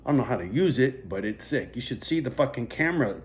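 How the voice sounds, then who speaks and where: A man vlogging into a phone camera, telling a rambling story in a heavily profane, animated rant. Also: medium pitch, quick pace.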